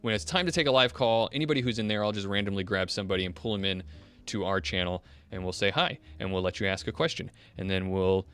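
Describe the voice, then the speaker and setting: A man's voice: on the low side, fast talker, a bit bright, clear, resonant tone. A man hosting a podcast in casual chat, rambling and self-deprecating, with many fillers and laughs. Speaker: podcast host.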